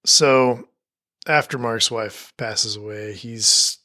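Middle-aged guy hosting a podcast, bright edgy voice, rambly, cusses a lot. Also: medium pitch, fairly even intonation, slow pace. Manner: rambling, heavy swearing, fillers. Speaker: podcast host. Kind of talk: emotional spoken intro monologue.

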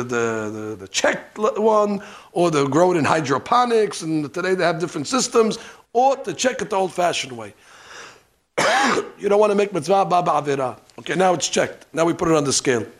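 A man teaching a hands-on religious lesson, animated and joking, dropping Hebrew terms as he demonstrates. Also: high voice. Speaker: rabbi teaching. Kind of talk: demonstration lesson on ritual practice. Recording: archival lesson recording.

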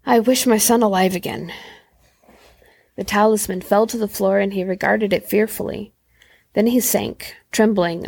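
A woman podcast host reading a classic horror story aloud in a slow, measured way. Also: medium pitch, gravelly, a little mellow, no room sound.

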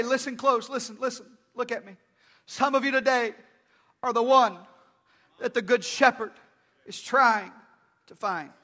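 A man preaching a sermon as pastor, swinging from loud calls to hushed, dramatic lines. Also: very high-pitched. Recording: long hall reverb with faint music.

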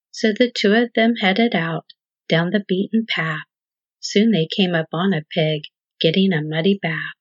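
A woman hosting and narrating a rhyming children's story in a measured, sing-song delivery. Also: fairly low pitch, no room sound. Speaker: storyteller host. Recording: dull lo-fi dry recording.

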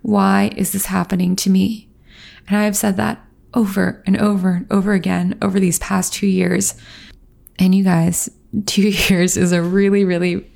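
A woman's voice: lowish voice, creaky, warm tone. A woman in her thirties talking earnestly and emotionally to her viewers, sounding teary. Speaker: vlogger. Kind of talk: personal reflective talk to camera.

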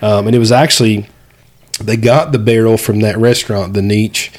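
A man's voice: lowish voice, fairly even intonation, brisk. A man co-hosting a casual podcast chat, explaining things step by step with frequent restarts. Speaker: podcast co-host.

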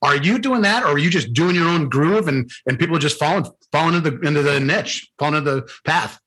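A man's voice: fairly high pitch, fast talker, a bit bright. A man in his fifties hosting an interview, brash and joking, swearing casually. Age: 50s. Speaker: podcast host.

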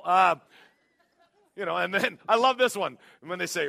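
A man preaches a sermon, telling jokey stories and breaking into animated, shouted bursts. His voice sits high and carries a gravelly edge. The tone is bright and sharp. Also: fairly quick. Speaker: pastor.

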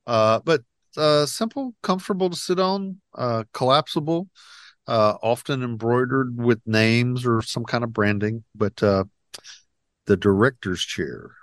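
A man co-hosting a casual podcast, speaking in halting bursts with frequent fillers. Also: mid-range voice, fairly bright tone, no echo, clean studio sound. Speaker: podcast co-host. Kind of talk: casual chat.

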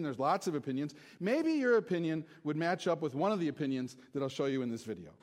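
Guy preaching in church, kinda high voice, chatty and jokey, teasing the crowd. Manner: chatty, self-deprecating, joking with the congregation. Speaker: pastor. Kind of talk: casual sermon with jokes. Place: church hall before a congregation.

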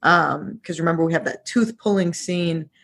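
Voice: medium pitch, normal speed, vocal fry, fairly bright tone, breathy edge. A podcast co-host musing casually about a TV series, hesitant with many ums.

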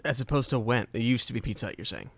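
A man's voice: medium pitch, rapid-fire, no room sound. Laid-back young man teasing on a podcast. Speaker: podcast co-host. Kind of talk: casual chat. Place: bedroom at home. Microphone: home mic on a stand.

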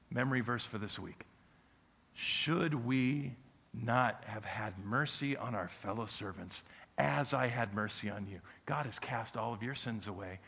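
Male pastor, mid-pitched, passionate sermon delivery, rising to loud pleas and dropping to hushed prayer, church reverb. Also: vocal fry, husky. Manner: impassioned, swinging from loud pleading to hushed prayer. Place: church sanctuary. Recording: long reverb of a church sanctuary.

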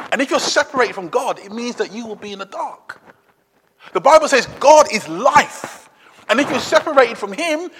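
A man preaching a sermon, swinging between loud urgent appeals and quiet, low asides. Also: breathy edge, long reverb tail.

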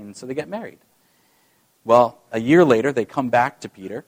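A man's voice: mid-range voice, fairly quick. Conversational male pastor preaching. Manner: conversational, self-deprecating, addresses listeners directly. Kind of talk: sermon.

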